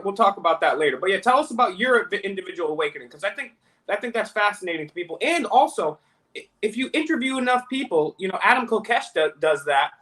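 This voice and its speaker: Brisk over-eager male host. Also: high-pitched, pushed and bright. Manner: rapid, over-eager, interrupts often. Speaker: interview host. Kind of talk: casual interview chat. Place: remote video call.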